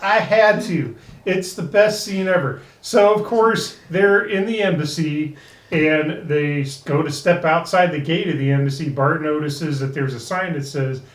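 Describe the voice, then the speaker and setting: A man with a slightly high voice co-hosts a relaxed podcast episode review. He laughs often and acts out the quoted lines. He sits a little away from the mic in an echoey room. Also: unhurried, far from the mic. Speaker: podcast co-host. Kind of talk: casual episode review chat.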